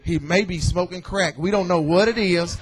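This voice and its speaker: In church, a pastor whose high-pitched voice carries a breathy edge preaches at normal speed, joking around and calling out to the people in the pews in a lively way.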